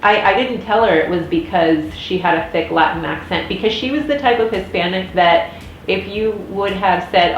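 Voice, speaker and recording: A woman's voice: on the low side, normal speed. A woman in her thirties with an American accent, rambling through a casual vlog rant with many fillers and restarts. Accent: General American. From United States. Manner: chatty, frequent restarts and fillers. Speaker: vlogger. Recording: echoey room with faint noise.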